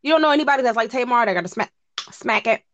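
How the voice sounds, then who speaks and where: A woman co-hosting a casual chat show, talking in animated bursts with frequent restarts. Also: fairly high pitch, muffled recording, slight background noise. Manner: animated, chatty, quick bursts with many restarts. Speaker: podcast co-host.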